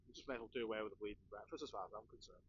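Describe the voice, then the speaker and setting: A man's voice: lowish voice, fast, a bit bright, husky, highs cut off. A man with a Scouse accent, chatting and ranting with a laugh as he hosts a live stream. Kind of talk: casual chat.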